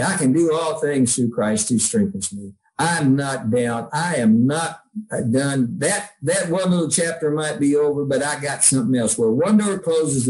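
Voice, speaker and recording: A man's voice: mid-range voice, mellow, rough recording. Man telling heartfelt stories, rambling. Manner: rambling, heartfelt, with many restarts and acted-out quotes. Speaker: songwriter guest. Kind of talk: casual storytelling interview.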